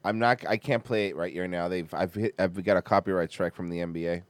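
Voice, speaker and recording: A man's voice: low voice, fairly even intonation, quick pace, no room sound. A man hosting a stream, mocking a video he is watching with crude, laughing commentary. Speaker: stream host riffing on a video.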